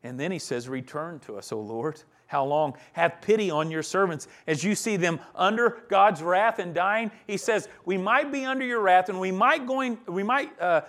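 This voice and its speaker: A pastor preaching a sermon on a psalm, earnest and swelling to emphatic peaks, with soft chuckles between points. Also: male voice, high voice, normal speed, hardly any pauses.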